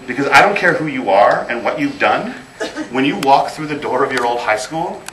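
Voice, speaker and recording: A man's voice: mid-range voice, lively intonation, normal speed, fairly bright tone. Man giving a speech in a roomy hall. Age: 30s. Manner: storytelling, emphatic repetition. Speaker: guest speaker. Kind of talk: motivational speech. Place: event hall. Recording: roomy, distant mic, faint noise.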